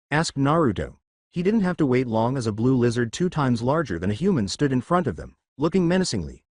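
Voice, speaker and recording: A man narrates a fan story in an animated way. His pitch rises and falls a lot. The recording is dry and close. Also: brisk, no room sound.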